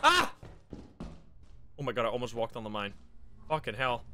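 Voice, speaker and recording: A man streaming a game live, talking to himself and his friends in an excitable way, swearing and laughing often. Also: mid-range voice, fast, loud music behind the voice. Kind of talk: casual live gameplay commentary.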